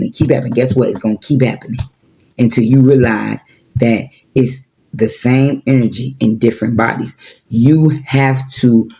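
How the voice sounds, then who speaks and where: A man's voice: mid-range voice, gravelly, dark tone. A man in his forties giving a casual, preachy spiritual talk with slang and profanity, repeating his points. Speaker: spiritual vlogger.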